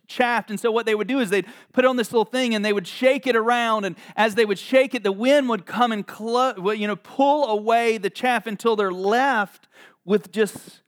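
A man preaching a sermon as pastor, joking and animated, with laughs and acted asides. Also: high voice.

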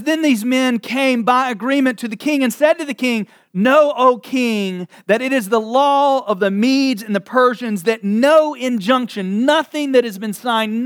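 Man preaching, high voice, slow delivery, dramatic scripture reading, casual asides. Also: no room sound, studio quality. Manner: animated storytelling with frequent laughs and asides; reads scripture slowly and dramatically. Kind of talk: sermon.

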